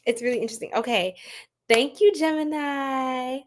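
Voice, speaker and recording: A woman's voice: high-pitched, normal speed. A woman tarot reader, chatting and joking with viewers on a live stream and laughing often. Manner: laughing a lot, playful, chatty.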